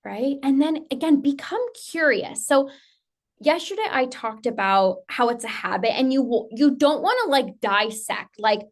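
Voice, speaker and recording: A woman's voice: high-pitched, lively intonation, normal speed. A woman binge eating coach giving a casual, sassy motivational talk. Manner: casual, sassy, upbeat, uses mild slang.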